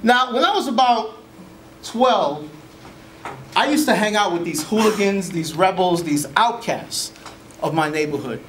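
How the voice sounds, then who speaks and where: A man's voice: high-pitched, expressive, measured pace, pauses often, a bit bright, a little hiss or hum. A man in his forties telling comic stories on stage, with a playful, wry manner. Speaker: solo performer.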